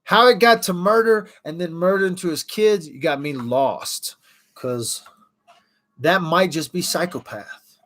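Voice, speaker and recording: A man's voice: high-pitched, measured pace, a bit bright. Chatty man hosting a livestream. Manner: chatty, reacting to viewer comments. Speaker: livestream host. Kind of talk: casual livestream chat.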